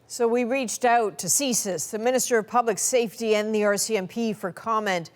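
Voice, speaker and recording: A woman correspondent asking calm, probing interview questions. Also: on the high side, moderate pace, soft background music.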